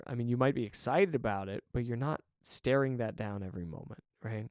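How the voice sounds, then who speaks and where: A man's voice: mid-range voice, fast, few pauses, a little mellow, smooth, dry recording, studio quality. A man hosting a solo podcast in a chatty, encouraging way, often correcting himself and laughing briefly. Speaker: podcast host. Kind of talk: casual solo podcast talk.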